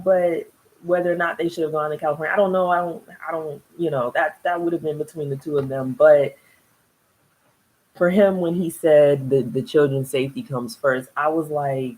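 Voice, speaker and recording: A woman giving a casual video review of a TV show, chatty and animated, laughing often and mimicking the people she talks about. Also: low voice, normal speed, low-quality recording. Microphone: solo video recording.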